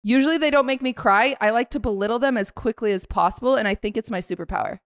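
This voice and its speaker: A young woman co-hosting a podcast, telling a story in casual chat and acting out the quotes with sudden swings in loudness. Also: fairly high pitch, quick pace. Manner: animated storyteller acting out quotes, swings between soft mutters and loud outbursts. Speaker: podcast co-host.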